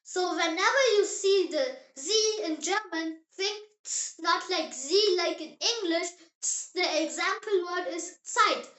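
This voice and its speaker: A very high, sharply bright voice leads a beginners' German lesson in an echoey room. The teacher speaks slowly and deliberately, carefully enunciating each example word for the listener to copy. The delivery stays upbeat and encouraging throughout. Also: animated. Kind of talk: scripted lesson narration for beginners.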